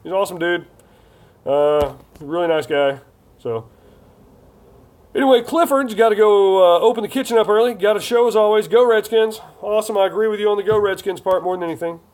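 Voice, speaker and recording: A man's voice: high voice, brisk, a little mellow. A man hosting a casual live stream, chatty and jokey as he reads viewer comments aloud.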